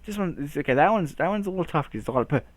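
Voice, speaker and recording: A man's voice: a little high, expressive, racing, dry recording. A man hosting a casual vlog, playfully trying tongue twisters, stumbling, swearing and laughing at himself. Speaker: channel host.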